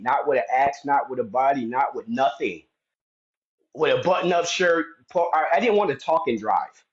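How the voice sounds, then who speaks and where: Brief: man, higher-pitched, rambling heated live-stream talk, muffled phone audio. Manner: rambling, many restarts and fillers; heated, indignant storytelling.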